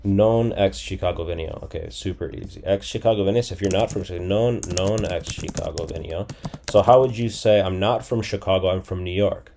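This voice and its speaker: A man's voice: low voice, brisk, creaky, warm tone, slight background noise. A man in his forties teaching a casual lesson, thinking aloud and repeating phrases as he guesses them. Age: 40s. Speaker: language teacher. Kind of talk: casual screen-recorded lesson.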